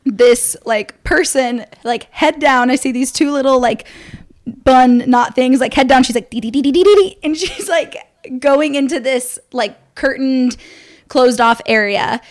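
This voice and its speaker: A young woman co-hosting a casual podcast, telling an excited story fast with lots of fillers. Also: high voice. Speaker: podcast co-host. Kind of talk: casual chat.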